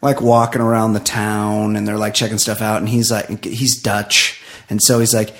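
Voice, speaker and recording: A man casually recapping a reality show on a podcast, animated and quick to swear, acting out the people he quotes. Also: on the low side. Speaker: podcast co-host.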